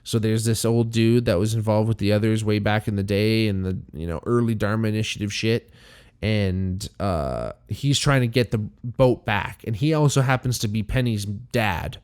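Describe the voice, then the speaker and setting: A man's voice: fairly low pitch, normal speed, a little mellow, smooth. A man hosting a podcast, recapping a TV show in loose, profanity-laden casual chat full of fillers. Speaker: podcast host.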